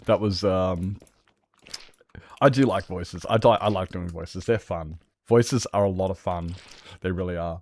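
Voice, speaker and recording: A man chats casually during a gaming stream in his bedroom, swearing freely and restarting sentences as he rambles. His voice sits low, he talks at a normal speed, and the recording is dry.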